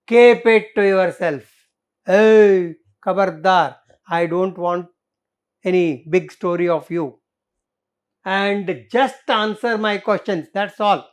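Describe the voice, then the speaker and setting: A woman with an Indian English accent reading the part of a rough male intruder who barks curt orders and demands answers. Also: mid-range voice, slow, darkish tone, close to an everyday voice. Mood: bullying.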